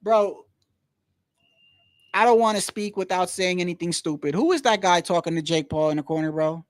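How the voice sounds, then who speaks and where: A man's voice: high voice, moderate pace, no echo. A man streaming live play-by-play of a boxing match, casual and blunt, saying "bro" all the time. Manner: slangy, says "bro" constantly, blunt and opinionated. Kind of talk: casual live fight commentary.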